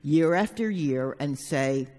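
A woman's voice: low voice, expressive, takes it slowly, mellow. A woman therapist telling a personal story to a live audience, frank and plainspoken, now and then swearing. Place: conference hall. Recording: long hall reverb.

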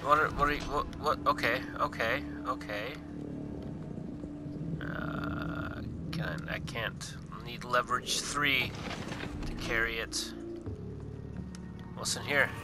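A man's voice: mid-range voice, steady tone, slow, long pauses, very noisy. A young man casually commenting while he plays a video game, swearing often and joking to himself. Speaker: gaming channel host. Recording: game music playing behind.

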